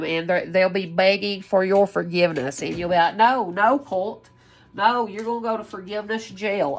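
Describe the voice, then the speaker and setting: A woman giving an excitable, rambling channeled spiritual reading, full of gasps, exclamations and casual swearing. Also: fairly low pitch. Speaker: spiritual card reader. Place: her home, lives in West Virginia.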